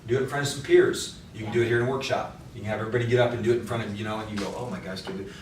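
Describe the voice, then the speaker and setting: A man's voice: lowish voice, steady tone, very fast, a little hiss or hum. A man giving a casual workshop talk to real estate agents, blunt and conversational, coaching them. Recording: echoey room from far off.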